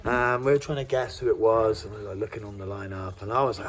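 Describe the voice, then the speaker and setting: A man's voice: fairly low pitch, a little fast, a little hiss or hum. Casting: man, tribute band musician, easygoing rambling storyteller. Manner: rambling, lots of likes and ums. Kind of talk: casual anecdote.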